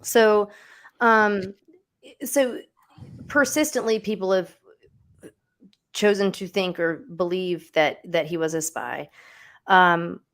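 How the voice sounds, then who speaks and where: A woman's voice: lowish voice, slow, long pauses. A woman hosting a livestream, telling a true-crime story in a casual, chatty way with lots of asides. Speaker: host.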